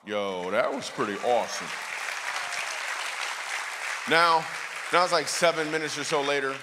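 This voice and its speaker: A slightly high, slightly slow male voice comes through background noise and church hall reverb. As a guest speaker in a church auditorium, he delivers a funny sermon, telling jokey stories and tossing lively remarks to the audience.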